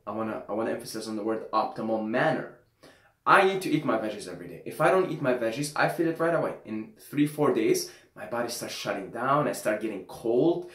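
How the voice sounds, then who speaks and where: A man's voice: mid-range voice, a bit bright. Man musing casually in an echoey room. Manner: loose, emphatic, swears freely, repeats phrases. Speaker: vlogger. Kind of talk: casual monologue to camera. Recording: roomy echo.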